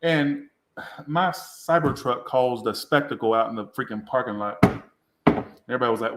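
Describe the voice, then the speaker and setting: Tipsy guy doing a tarot read, rambles, swears a lot, mid pitch, echoey room. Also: fairly even intonation, moderate pace, a bit bright, a little hiss or hum. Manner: rambling, crude and self-mocking. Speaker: tarot reader. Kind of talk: live tarot reading. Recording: roomy echo.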